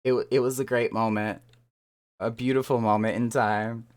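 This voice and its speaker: Chatting casually with viewers as they stream a game, the speaker sounds excitable and laughs often, trailing off and repeating themselves while searching for words. Their voice is mid-range.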